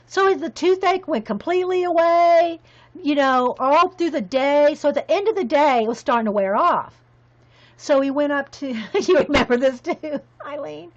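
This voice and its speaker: A high-voiced woman rambles through a casual craft vlog, laughing as she goes and calling out to viewers by name. The sound is dull and lo-fi. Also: animated, normal speed. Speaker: craft vlogger. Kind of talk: casual chat while organizing.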